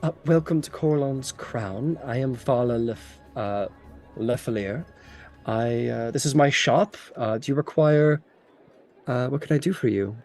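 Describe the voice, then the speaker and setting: A man voicing a careful, fussy female wood elf healer in a tabletop game, speaking haltingly. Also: mid-range voice, darkish tone, soft background music, lightly acted. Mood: flustered. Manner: hesitant, halting speech. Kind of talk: tabletop role-play.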